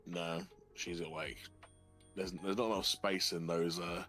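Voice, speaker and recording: A man's voice: sits low, steady tone, unhurried, fairly bright tone. A man co-streaming in casual chat, laid-back and joking. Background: background music.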